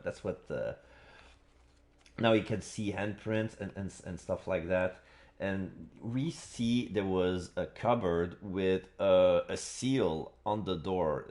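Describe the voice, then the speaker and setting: A man's voice: on the low side, a little mellow. A man streaming a game live, talking casually in a rambling way with many restarts. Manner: rambling, full of fillers and restarts.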